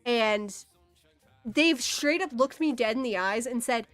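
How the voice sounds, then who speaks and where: Exasperated high-voiced young woman ranting. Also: a little slow, fairly bright tone, no room sound, faint music behind. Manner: exasperated, swears often, laughs in disbelief. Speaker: streamer. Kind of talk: casual ranting monologue.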